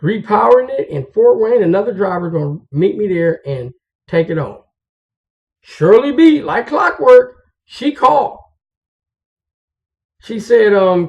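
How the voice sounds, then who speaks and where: A man's voice: sits high, very animated, unhurried, gravelly. A man, a truck driver, telling stories and giving advice to fellow drivers in a casual, slangy, confiding way. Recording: dull lo-fi recording.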